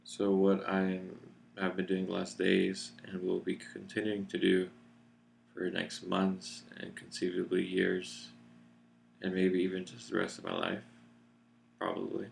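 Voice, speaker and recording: A man with a very low, heavily gravelly voice gives a reflective personal video update. He talks at an unhurried pace in a relaxed, grounded chest voice and pauses to search for words. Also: a little hiss or hum. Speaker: vlogger. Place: seated in a chair indoors.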